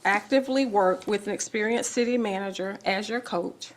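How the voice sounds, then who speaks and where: A woman city commissioner speaking deliberately at a public meeting, reading out items and making a formal motion. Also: mid-range voice. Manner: measured, deliberate, reads out items.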